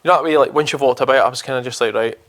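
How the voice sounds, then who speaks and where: Scottish guy rattling off a holiday story quick, casual, swears a bit. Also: mid-range voice, fairly bright tone. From Scotland. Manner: rambling anecdotal, swears casually. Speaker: podcast co-host.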